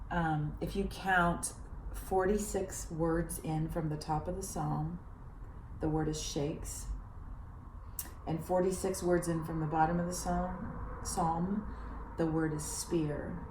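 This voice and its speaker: A woman with a very low voice explains things in an animated, teacherly way during a casual chat. She sits far from the mic in an echoey room, and clear background noise runs under her voice. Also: slow pace. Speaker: actor and director.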